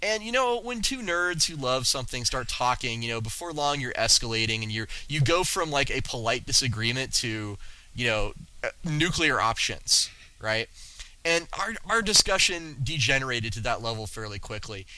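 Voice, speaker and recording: Bright-voiced man telling animated stories. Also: medium pitch, moderate pace, low-quality recording. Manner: animated, many restarts and stammers. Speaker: podcast guest. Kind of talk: casual storytelling.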